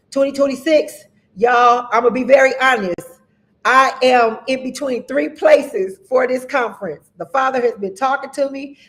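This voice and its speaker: A woman minister hosting a livestream, giving announcements in a lively, preacher-like way and greeting viewers by name. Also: on the high side. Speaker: host and minister. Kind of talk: livestream announcements and shout-outs.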